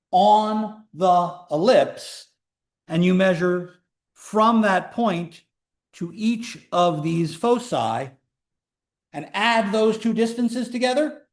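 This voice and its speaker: A man teaching a calculus class, explaining in a chatty way with joking asides, sometimes drawing words out and sometimes rushing. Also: sits high. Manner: pace swings between slow emphasis and quick runs. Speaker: math instructor. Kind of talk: classroom lecture.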